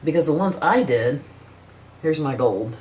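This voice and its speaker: A woman's voice: low-pitched, animated, a little slow, darkish tone. Blunt, foul-mouthed middle-aged woman vlogger. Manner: blunt, profane and frank; chatty, rambling with many restarts. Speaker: beauty vlogger. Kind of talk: casual makeup review chat.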